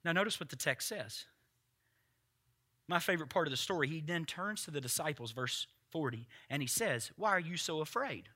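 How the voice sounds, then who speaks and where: High, bright-voiced preaching man. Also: lively intonation, moderate pace. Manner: swings from quiet asides to loud shouted quotes; conversational, addresses congregation directly. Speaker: pastor. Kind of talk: sermon. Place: church.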